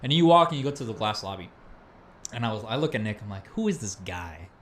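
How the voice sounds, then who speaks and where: A young man hosting a casual podcast, retelling an old story with lively energy. He throws in bro and dude constantly. His voice sits at a middle pitch over a faint hum of background noise. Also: fast talker. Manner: animated storyteller, says bro and dude often. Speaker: podcast host. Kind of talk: casual chat.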